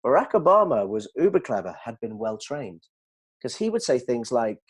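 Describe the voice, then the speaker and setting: A man explaining communication ideas to colleagues in an animated way, checking that they follow. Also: medium pitch, normal speed, slightly rough. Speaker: dental communication trainer. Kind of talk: explanatory discussion.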